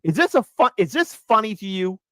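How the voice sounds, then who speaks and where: Squeaky cartoon mouse voiced by a woman, high falsetto, mocking laugh, wildly swinging pitch, dry close sound. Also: very animated, a little fast, no echo, lightly acted. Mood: mock scolding. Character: chirpy cartoon mouse, cheerful then scolding.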